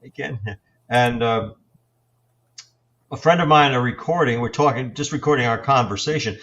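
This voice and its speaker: Man in his sixties, investigator guest, halting reflective storytelling, muffled lo-fi sound. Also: medium pitch, fairly bright tone. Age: 60s. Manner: halting, reflective, with many fillers and restarts. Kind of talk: storytelling in an interview.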